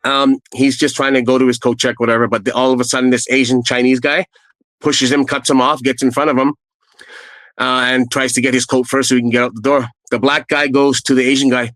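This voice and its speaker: A middle-aged man recounts his own past in casual, meandering anecdotes, often pausing on "um" and "uh." His pitch sits in an ordinary middle range for a man. The recording is dry, with no audible room. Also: level tone, fairly bright tone, no echo, poor audio. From Canada. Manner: earnest, rambling anecdotes with fillers. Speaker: storyteller guest. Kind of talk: casual first-person storytelling.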